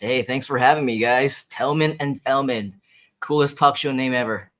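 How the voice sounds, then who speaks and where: A man's voice: mid-range voice, moderate pace, fairly bright tone. A man appearing as a friendly guest on a live-stream talk show. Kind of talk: casual interview chat.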